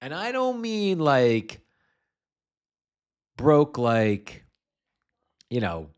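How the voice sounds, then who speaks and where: A man's voice: mid-range voice, wildly swooping pitch, extremely slow, smooth. A man from the United States hosting a political commentary livestream, rambling and blunt, with lots of swearing. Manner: rambling, blunt and heavily profane. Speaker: host.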